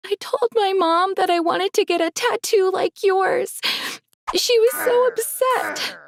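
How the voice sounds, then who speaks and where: A woman's voice: very high voice, measured pace, creaky, pitched above the performer's own voice, full character voice. A woman voicing a tearful teenage girl saying goodbye to her best friend. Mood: upset. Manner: sobbing, distressed.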